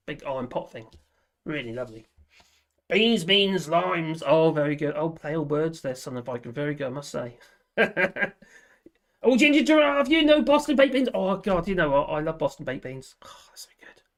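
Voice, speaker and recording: A man rambles through a relaxed live-stream chat, his voice pitched a little high. He laughs often, drifts from topic to topic and lets his sentences trail off as he reads viewer comments. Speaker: livestream host.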